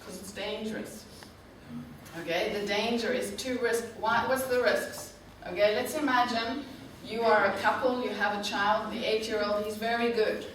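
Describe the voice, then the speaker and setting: In an echoey university classroom, a woman who directs a tour operator gives students a guest lecture. Her voice sits on the high side, fairly bright, with fairly even intonation, and she talks slowly and clearly, frequently asking "okay?". A distant mic picks her up along with faint noise.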